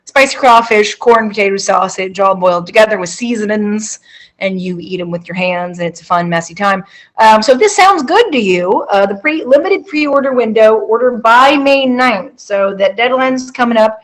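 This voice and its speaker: A woman's voice: mid-range voice, normal speed, rough recording. A woman co-hosting a casual food news podcast, playful and jokey. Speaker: podcast co-host.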